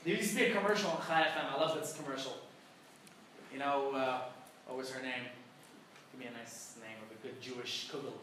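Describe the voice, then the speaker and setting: A man's voice: medium pitch, steady tone, a little fast, long pauses, a bit bright, a little hiss or hum. A rabbi teaching a conversational Torah class, putting rhetorical questions to his listeners and telling jokes. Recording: very echoey room, mic far off.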